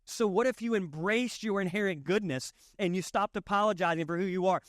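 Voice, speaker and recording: A man with a Southern drawl preaches in a loose, conversational way, cracking jokes and hammering his points home through repetition. His voice sits high for a man. The sound is dry and close, with no room echo. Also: a little fast. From Southern United States. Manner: folksy, joking, emphatic repetition. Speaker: pastor. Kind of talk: conversational sermon.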